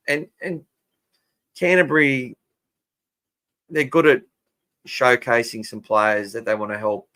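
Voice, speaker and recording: A man's voice: mid-range voice, sharp tone. An Australian man hosting a casual fan podcast, chatting and answering listener comments. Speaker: podcast host.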